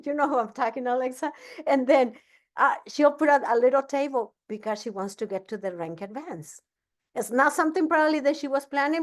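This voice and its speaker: Woman, business coach, casual training talk, energetic, restarts sentences, fairly high voice. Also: moderate pace. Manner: energetic, repeats herself, frequent restarts.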